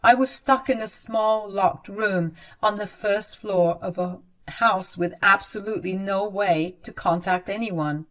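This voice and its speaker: A middle-aged woman telling a first-person dramatic story in a soft, earnest, emotional way. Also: mid-range voice, a little slow, hardly any pauses. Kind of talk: scripted dramatic narration.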